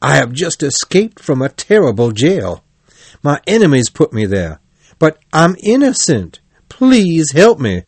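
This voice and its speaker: A man's voice: medium pitch, very animated, normal speed, gravelly, breathy edge, dry recording, full character voice. A man voicing a vain, boastful male toad disguised as a maid, in a whiny, pleading, self-important voice for a storybook reading.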